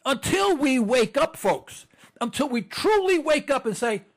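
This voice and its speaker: A man's voice: very high-pitched, big pitch swings, measured pace. A man hosting a political talk show, ranting fervently and repeating phrases for emphasis. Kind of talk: impassioned political monologue. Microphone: computer setup.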